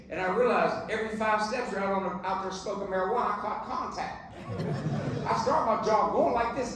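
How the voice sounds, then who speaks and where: A man's voice: high voice, a little fast, background noise. Preachy man speaking in an echoey hall. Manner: punchy, preachy, joking with the crowd. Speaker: keynote speaker. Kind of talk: inspirational keynote speech. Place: banquet hall. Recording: very echoey hall, distant mic.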